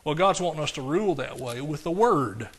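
Male pastor, sermon delivery, slightly high voice, dynamic and conversational with the crowd. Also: fairly quick, husky. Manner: animated, swings from loud preaching to quiet asides; talks directly to the congregation, asks questions.

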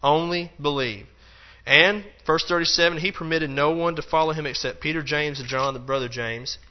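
A man's voice: on the high side, fairly even intonation, a little fast, muffled recording, a little hiss or hum. A man teaching a Bible lesson in a loose, conversational way, acting out the quotes and dropping in plenty of fillers. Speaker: preacher.

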